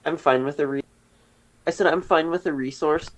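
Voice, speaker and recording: A man with a slightly high voice chats through a card game with a friend. He is easygoing and a bit hesitant, pausing on small fillers as he suggests the next play. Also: low-quality recording. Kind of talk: casual chat over a card game.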